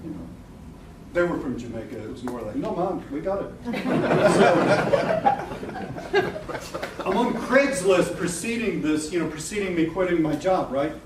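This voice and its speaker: A middle-aged man speaks to a live audience at a seminar. His voice sits slightly high, and he is lively, blunt and quick to laugh. The recording is roomy and noisy, with the mic set well away from him. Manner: animated, laughing, blunt, swears casually. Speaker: marketing coach presenting a seminar. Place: event room with a live audience. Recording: echoey room from a distance, noisy.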